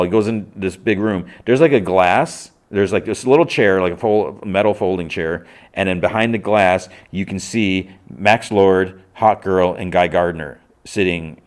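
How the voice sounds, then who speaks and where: A podcast host recapping a show scene in a loose, rambling way, full of "like" and restarts. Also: male voice, deep voice.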